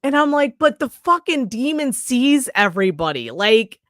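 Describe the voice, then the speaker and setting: A woman's voice: high-pitched, very animated, normal speed, fairly bright tone, dry recording, clean studio sound. A woman co-hosting a podcast, casually recapping a horror movie in a rambling way, swearing freely and acting out characters' lines. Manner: rambling, swears freely, acts out scenes in quoted voices. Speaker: podcast co-host. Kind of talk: casual movie review chat.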